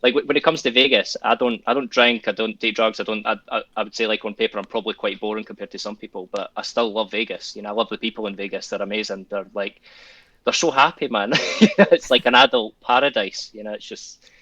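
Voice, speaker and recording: A man's voice: fairly low pitch, steady tone, quick pace, pushed and bright, dry recording, muffled recording. A Scottish man chatting as a podcast guest, rambling and restarting, chuckling often. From Scotland. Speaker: guest, tattoo artist and children's author. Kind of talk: casual podcast conversation.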